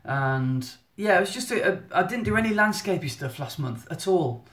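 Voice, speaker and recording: Guy in his thirties, casual live-stream host, slightly high voice, roomy phone sound. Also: animated, normal speed, fairly bright tone. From England. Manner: chatty, rambling, self-interrupting. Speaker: photographer giving a monthly live update. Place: indoor room at home. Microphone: phone at arm's length. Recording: echoey room on phone.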